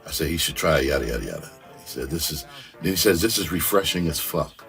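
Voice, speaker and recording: A man who is a comedian and music artist, giving blunt, profane career advice in a casual monologue and reading out comments with animated storytelling. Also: very deep voice, fast talker, vocal fry.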